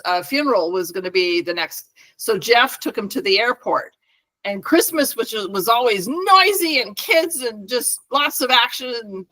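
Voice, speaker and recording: A woman's voice: medium pitch, bright, forceful tone. A middle-aged woman co-hosting a podcast, rambling through family stories in casual chat and laughing often. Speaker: podcast co-host.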